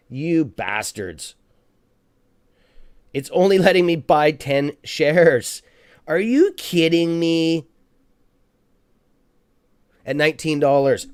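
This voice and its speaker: A man hosting a live stock-trading stream who talks excitedly as he buys shares, then mutters and swears at his trading app. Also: medium pitch, dry recording, studio quality. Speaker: stock trading livestream host. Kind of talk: live market commentary.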